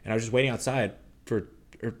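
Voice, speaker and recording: A man co-hosting a podcast, telling a personal story in a halting, reflective way full of fillers. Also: medium pitch, fairly even intonation. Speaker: podcast co-host. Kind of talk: casual storytelling chat.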